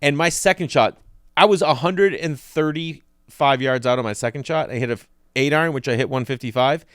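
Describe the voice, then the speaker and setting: A male comedian co-hosting a podcast, telling stories in a casual, animated way and acting out the people in them. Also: mid-range voice, brisk, clean tone, no echo, studio quality. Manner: animated storyteller, acts out voices in anecdotes.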